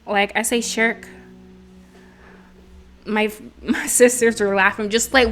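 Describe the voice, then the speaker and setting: A woman hosting a let's play, giggly and self-mocking as she comments on the game. Her voice sits on the higher side. Faint game music plays underneath. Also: fairly even intonation, slow, long pauses, fairly bright tone. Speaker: gaming video host.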